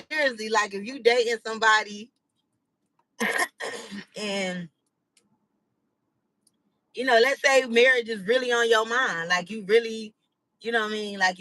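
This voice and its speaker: Woman host, casual chatter with viewers, bright voice, dry close sound. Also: a little high, no room sound. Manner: chatty, laughing, rambling with many fillers. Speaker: livestream host.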